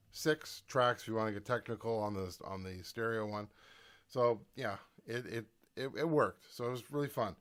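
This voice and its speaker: A man's voice: lowish voice, clear, resonant tone. A man talking casually in a home recording vlog, thinking aloud as he demonstrates his gear at his desk.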